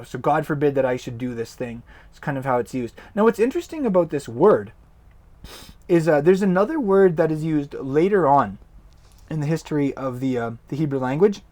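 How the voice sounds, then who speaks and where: A man, likely young, teaching Hebrew words in a casual, animated online lesson. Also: mid-range voice. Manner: animated, informal, bursts into loud exclaimed words.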